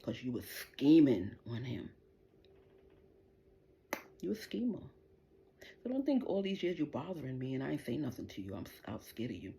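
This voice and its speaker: A woman's voice: extremely low pitch, very animated, moderate pace, vocal fry, long pauses, warm tone, a little hiss or hum. A middle-aged woman hosting a livestream, delivering an angry, profane, taunting rant straight at the people she is addressing. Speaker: livestream host.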